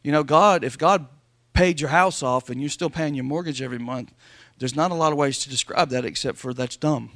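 A man preaching a sermon as pastor to his congregation, calling for amens and reading scripture slowly and loudly. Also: a little high, dry recording. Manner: preaching with call-and-response, slowing and rising to read scripture. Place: church sanctuary before a congregation.

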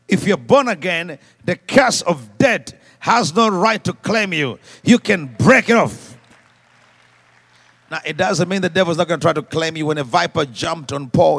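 A male preacher with a somewhat high voice, leading a church congregation in call-and-response. He drops to quiet asides, then rises to shouted commands. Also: creaky. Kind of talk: sermon. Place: church service before a congregation.

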